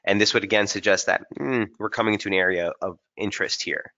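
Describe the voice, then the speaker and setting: Bright-voiced man walking through trading charts. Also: on the low side, quick pace, muffled recording. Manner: casual and energetic, talks straight to viewers as "guys". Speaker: technical strategist hosting a trading webinar. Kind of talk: live market analysis over charts.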